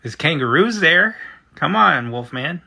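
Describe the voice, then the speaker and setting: Bright-voiced man chatting on a livestream. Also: on the high side, lively intonation, unhurried, vocal fry. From United States. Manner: chatty, reads out usernames and reacts. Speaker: livestream host. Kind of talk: casual chat reading viewer comments.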